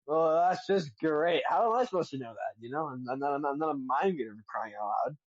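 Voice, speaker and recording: A man's voice: a little high, lively intonation, no room sound. A young man co-hosting a comedy podcast, telling rambling mock-serious anecdotes full of restarts. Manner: halting, many restarts, mock-serious storytelling. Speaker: podcast co-host. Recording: dull lo-fi dry sound.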